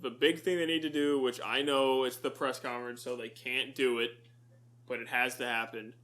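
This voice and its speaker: A man's voice: medium pitch, flat delivery, moderate pace, a bit bright. A man co-hosting a casual podcast chat, telling stories and swearing casually. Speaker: podcast co-host.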